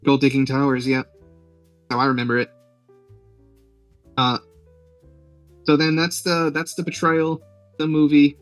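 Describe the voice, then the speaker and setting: A man's voice: a little high, level tone, measured pace, pauses often, no echo, recorded from a distance, faint music behind, rough recording. A man hosting a podcast, retelling a film's plot in a rambling, joking way with lots of fillers. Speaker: podcast host. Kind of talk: casual movie recap.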